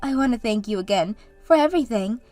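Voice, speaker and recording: A woman's voice: on the high side, lively intonation, fast talker, mellow, no echo, soft background music, natural voice. A woman voicing Sarah, an earnest and grateful young woman who is a bride-to-be, in a scripted story drama. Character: bride-to-be sister, grateful and nervous.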